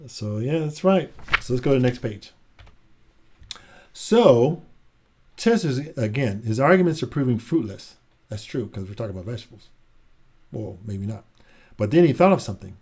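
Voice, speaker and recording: Mellow-voiced man reading a picture book. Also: medium pitch, very animated, normal speed, pauses often, slightly rough. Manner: chatty, adds asides and laughs between pages. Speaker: children's book reader. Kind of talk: casual read-aloud of a picture book.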